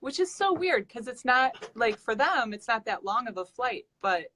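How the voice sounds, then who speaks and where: A woman's voice: fairly high pitch, sing-song, moderate pace, pushed and bright, a little hiss or hum. A woman from Wisconsin chatting as a guest on a live stream. She is talkative, tells stories and laughs often. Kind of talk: casual live-stream chat.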